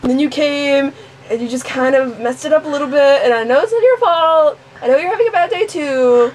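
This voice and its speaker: A woman's voice: fairly low pitch, flat delivery, fairly quick, mellow, a little hiss or hum, close to an everyday voice. A woman voicing an angsty anime schoolboy. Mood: earnest. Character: emotional anime schoolboy, male, young, angsty.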